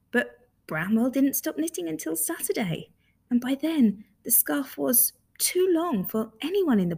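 A woman reading a children's story aloud in a lively, expressive way. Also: a little high, slightly rough.

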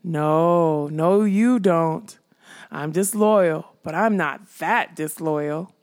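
A woman's voice: low-pitched, drawn-out words, darkish tone, full character voice. A woman voicing a treacherous talking skull that shrieks alarms in a storybook reading. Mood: pleading. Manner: shrieking, frantic alarm calls.

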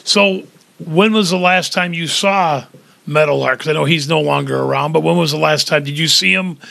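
A man interviewing a guest, asking curious, gently prompting questions. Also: fairly high pitch, normal speed, gravelly.

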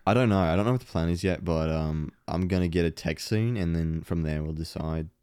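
A man's voice: low-pitched, brisk, darkish tone, clear, resonant tone, dry recording, studio quality. A young man co-hosting a podcast in casual chat, laid-back and joking, swearing freely. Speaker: podcast co-host.

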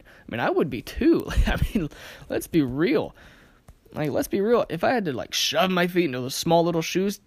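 Casual lesson teacher, lively anecdotes and rhetorical questions, mid pitch, dry close sound. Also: moderate pace, dry recording. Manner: lively storytelling with acted-out quotes and frequent rhetorical questions. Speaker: communication teacher.

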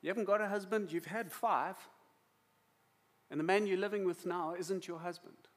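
A calm, knowing Jesus, voiced by a preacher, speaking directly and earnestly. The voice sits a little high, and the stays plain. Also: male voice, normal speed.

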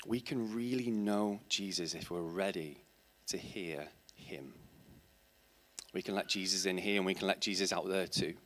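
A man's voice: low voice, normal speed, a bit bright. A man preaching a sermon in church, asking his congregation rhetorical questions and building to emphatic, passionate points. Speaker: teacher.

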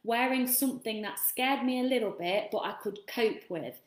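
A woman's voice: fairly high pitch, moderate pace. Chatty woman coach, echoey room. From England. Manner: chatty, rambling, swears freely. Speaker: self-love coach. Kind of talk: casual motivational talk.

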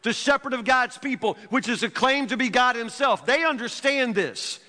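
Guy preaching, folksy, repeats himself, long hall echo. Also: moderate pace. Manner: folksy, repeats words, drops to a low hush reading scripture. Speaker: pastor. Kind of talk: sermon. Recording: long reverb of a church hall.

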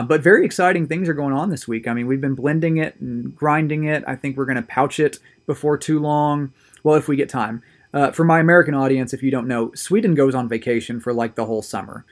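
Chatty, upbeat male video host. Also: medium pitch. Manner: chatty and conversational, often repeating words. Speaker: host of a tobacco review show. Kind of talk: casual solo video monologue.

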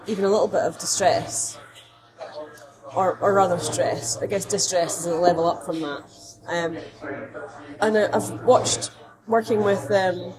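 A woman, a dog behaviourist co-hosting a casual talk, chatty and anecdotal with frequent fillers. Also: medium pitch. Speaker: dog behaviourist, podcast co-host. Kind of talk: casual conversation.

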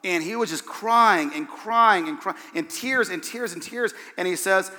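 A man gives a sermon as a pastor, telling a story with energy and acting out each voice in it. His voice sits a little high and has a bright, forceful edge. It rings with the long reverb of a large hall. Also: a little slow, hardly any pauses. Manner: animated, acts out the voices in his stories.

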